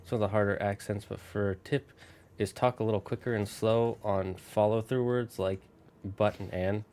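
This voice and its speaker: This streamer has a lowish, clear, resonant voice, a little mellow, with fairly even intonation and a normal pace. He plays a video game and rambles casually, talking straight to his viewers.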